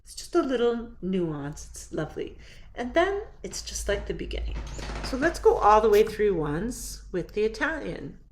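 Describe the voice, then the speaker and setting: A woman's voice: mid-range voice, very animated, moderate pace. A woman voice teacher who patiently explains a song, then sings phrases to show them. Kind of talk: singing lesson walkthrough.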